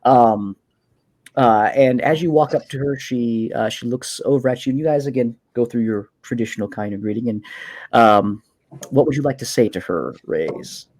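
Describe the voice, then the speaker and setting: A man narrating a tabletop game as game master, describing scenes with many pauses and fillers. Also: mid-range voice, darkish tone.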